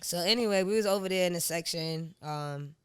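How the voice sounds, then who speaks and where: A young adult woman, a guest artist, tells stories in a casual interview, animated and slangy, acting out dialogue with laughs. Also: on the low side, a little fast, smooth.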